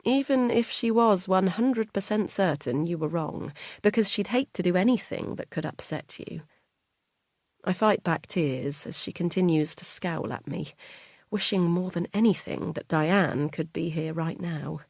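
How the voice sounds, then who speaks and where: Low, dry-voiced woman narrating. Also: lively intonation, a little slow, vocal fry, a little mellow, no room sound. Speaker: audiobook narrator. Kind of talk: first-person audiobook narration.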